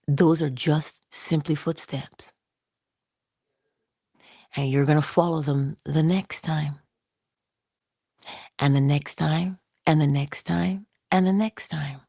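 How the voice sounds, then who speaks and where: A woman giving a conversational motivational talk, coaching her listener and dropping into soft whispers for emphasis. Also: sits low, fairly even intonation, slow, gravelly, long pauses, husky, no echo, studio quality. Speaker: inspirational speaker.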